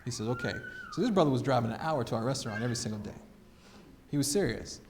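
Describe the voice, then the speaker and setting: A man giving an animated storytelling testimony as guest speaker, acting out the voices in his story and laughing often. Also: mid-range voice, fast, a little hiss or hum.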